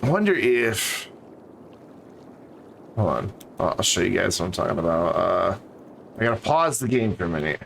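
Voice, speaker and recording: A man's voice: sits low, very animated, normal speed, creaky, long pauses, fairly bright tone, a little hiss or hum. A man streaming a game, chatting casually and rambling to his viewers. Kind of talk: casual live-stream chat.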